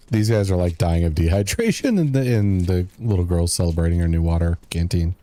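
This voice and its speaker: A man's voice: deep voice, expressive, a little fast, mellow. A male streamer giving casual, joking commentary while playing a video game. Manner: laid-back, joking, laughs at the game.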